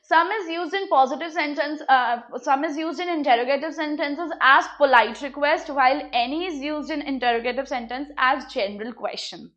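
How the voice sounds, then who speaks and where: A high-pitched woman with an Indian English accent walks a class through grammar rules. She repeats each point patiently and gives simple examples. The recording sounds a little dull and lo-fi. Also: normal speed, few pauses, fairly bright tone.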